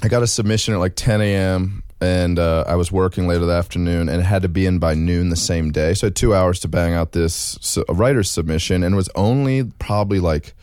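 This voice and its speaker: A low-voiced man recounts a story in casual podcast talk, animated and quick to laugh along. The sound is dry and close to the mic. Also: clear, resonant tone, dry recording. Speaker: comedy writer guest. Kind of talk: casual chat.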